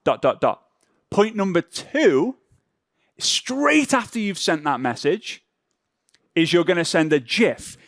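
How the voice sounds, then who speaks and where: A man's voice: high voice, sing-song, slow, pauses often, fairly bright tone, no echo. A man teaching a workshop with a slightly raised voice. He is playful, acting out the little reactions people have while texting. The sound is dry and close. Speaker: workshop presenter.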